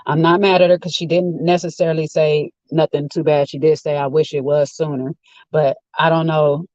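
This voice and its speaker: A man's voice: on the high side, level tone, normal speed, darkish tone, no echo, lo-fi sound. A man giving a rambling, opinionated casual rant while sitting in a car. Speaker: vlogger. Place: inside a car.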